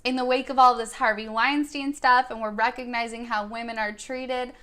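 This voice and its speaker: A young woman vlogger telling a personal story in an earnest, thoughtful way. Her voice sits a little high and sounds bright and clear. She quotes her own words as she goes. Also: steady tone, normal speed. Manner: earnest and thoughtful, quoting herself in dialogue. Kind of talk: reflective first-person storytelling.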